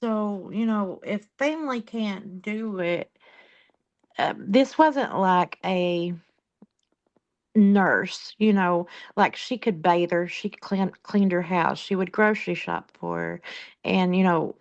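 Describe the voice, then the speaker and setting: A woman's voice: lowish voice, slow pace. A woman chatting in a casual group discussion about caring for a relative, rambling with lots of fillers. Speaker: family caregiver in discussion. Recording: dull lo-fi sound.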